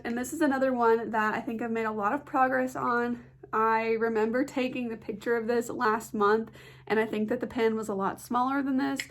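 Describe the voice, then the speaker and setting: A young woman chatting casually about beauty products she has used up, her voice nasal and stuffy from a blocked nose, with lots of "like" fillers. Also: on the high side. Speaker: beauty vlogger.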